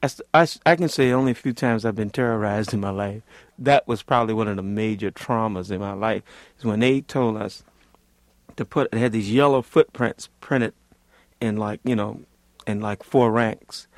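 A former Marine and Vietnam veteran from Louisiana tells his story in a casual interview, his voice fairly low and his pace moderate. He rambles vividly, filling his talk with "like" and "you know." There is no room sound.

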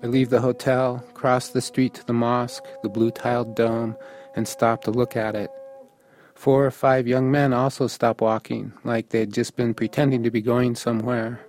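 A man's voice: medium pitch, little pitch movement, normal speed, a little mellow, soft background music. A man from the United States narrating a first-person story in a matter-of-fact, observational way.

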